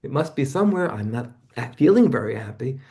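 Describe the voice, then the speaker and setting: A man's voice: sing-song, fairly quick, dark tone. A man in his seventies, a guest in an interview, recounting personal experiences in a reflective, conversational way. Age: 70s. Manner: personal storytelling, acts out remembered voices with sudden jumps in pitch.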